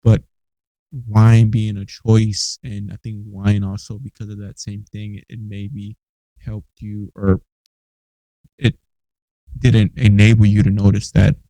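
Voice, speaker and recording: A man hosting a podcast interview, warm with affirming listening responses and conversational comments. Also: lowish voice, flat delivery, slow pace, long pauses, no echo, low-quality recording. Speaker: podcast host.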